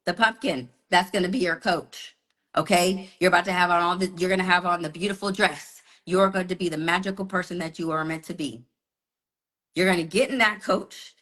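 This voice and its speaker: A woman business coach giving a motivational live talk, telling stories with animation and talking straight to her listeners. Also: medium pitch. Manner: animated storytelling, calls listeners "y'all" and "honey". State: slight cold.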